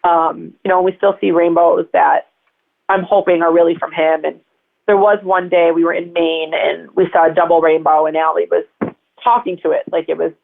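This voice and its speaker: A woman's voice: fairly low pitch, little pitch movement, moderate pace, gravelly. A woman telling personal stories as an interview guest, in a chatty, rambling way full of fillers. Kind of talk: casual interview storytelling. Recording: tinny phone line.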